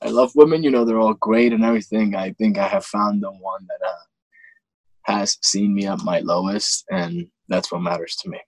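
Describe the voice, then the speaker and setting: A young man in his twenties, a guest actor in a casual interview, talking earnestly with halting restarts. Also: lowish voice, fairly even intonation, no room sound, low-quality recording. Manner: earnest, halting, many restarts and "you know".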